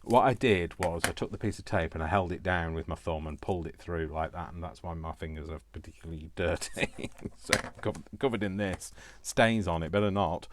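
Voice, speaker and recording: Very low-voiced rambling man. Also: steady tone, fairly quick, few pauses, noisy background. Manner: rambling, self-mocking, chuckles to himself. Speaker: craft tutorial host. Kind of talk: casual crafting tutorial.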